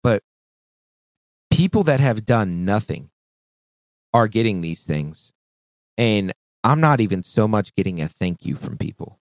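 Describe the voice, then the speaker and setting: Male podcast co-host, deeper register, loose and profane, rambling venting style. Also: big pitch swings, unhurried, long pauses, dry recording. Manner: profane, rambling storyteller venting about work. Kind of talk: casual podcast chat.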